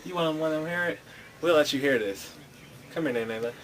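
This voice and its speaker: A man's voice: a little high, a little fast. A young man ranting in a casual home video, exasperated and half laughing as he complains. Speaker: vlogger. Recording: noisy home video recording.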